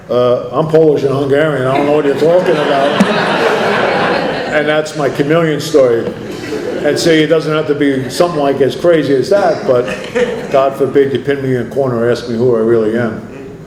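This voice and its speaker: A man's voice: medium pitch, dark tone, slight background noise. A man speaking at an AA meeting, telling his recovery story in a rambling, self-mocking way. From New Jersey. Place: meeting room. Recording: echoey meeting room.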